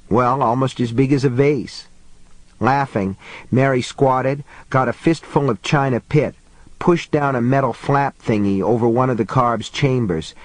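A man narrating a novel aloud in steady storytelling. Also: medium pitch, dry recording. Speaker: audiobook narrator.

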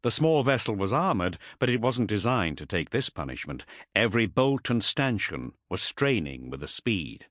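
A man narrating an audiobook in an expressive, dramatic storytelling manner. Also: on the low side, normal speed, few pauses, no room sound, clean studio sound.

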